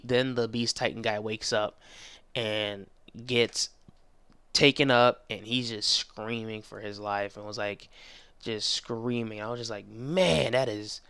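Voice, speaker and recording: Young man, gravelly yet smooth voice, dry close recording, rambling slangy anime review. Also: mid-range voice, dry recording. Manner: excitable, rambling, slangy with many restarts. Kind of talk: casual episode review.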